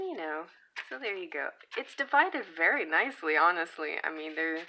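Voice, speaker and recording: A woman's voice: low voice, animated, moderate pace, noisy background. A woman chatting casually as she flips through and reviews a tarot deck, with frequent giggles and trailing asides.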